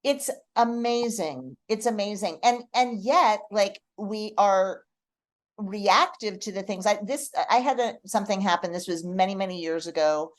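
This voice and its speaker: A middle-aged woman, a guest on a podcast, telling personal stories in a heartfelt, expressive way. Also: medium pitch, moderate pace. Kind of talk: casual podcast conversation.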